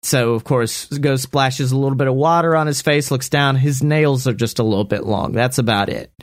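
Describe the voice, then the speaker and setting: A man casually making up a story out loud, rambling, laughing and swearing often. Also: mid-range voice, moderate pace, no room sound, clean studio sound. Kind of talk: casual improvised story brainstorming.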